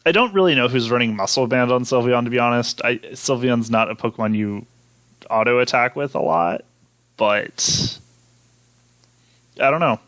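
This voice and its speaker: A man's voice: mid-range voice, normal speed, long pauses, a bit bright, dry recording. A man hosting a casual chat, going through poll results in an easygoing way with fillers and small laughs. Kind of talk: casual chat about game data.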